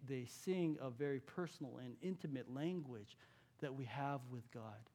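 Preaching in a conversational style, this pastor from California asks his audience questions and drops to a near whisper for the important moments. His voice sits in the mid range.

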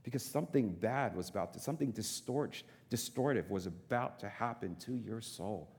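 A man's voice: on the low side, expressive, moderate pace, a little mellow. Man preaching with emphatic repetition. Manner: emphatic repetition, conversational asides to congregation. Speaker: pastor. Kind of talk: sermon. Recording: long hall reverb.

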